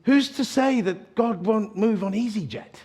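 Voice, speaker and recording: A man's voice: sits high, a little slow, warm tone, slightly rough. A man preaching at a church evening gathering, telling stories with self-deprecating humor and frequent restarts. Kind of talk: storytelling sermon.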